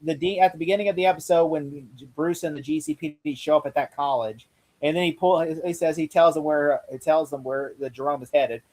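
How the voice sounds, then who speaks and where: Animated, laughing man in casual podcast chat. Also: fairly high pitch, fairly quick. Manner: animated, laughs often, acts out scene dialogue. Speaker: podcast co-host.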